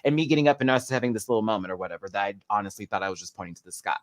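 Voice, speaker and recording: Animated man telling stories, dry sound. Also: fairly low pitch, racing, no echo. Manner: animated storyteller, acts out quotes. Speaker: podcast guest. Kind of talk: casual chat.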